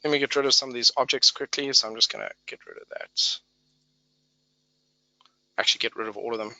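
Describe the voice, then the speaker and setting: A man's voice: mid-range voice, a little fast, pushed and bright, no room sound, rough recording. A man presenting a live trading webinar, talking through price charts in a conversational way, thinking aloud and repeating key words for emphasis.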